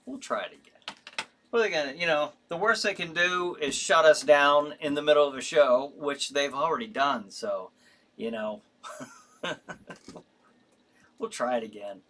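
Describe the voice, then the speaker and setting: Reading out viewer comments on his casual live stream, this host rambles through his answers with fillers and restarts. His voice is a little high and fairly bright, at a moderate pace with frequent pauses.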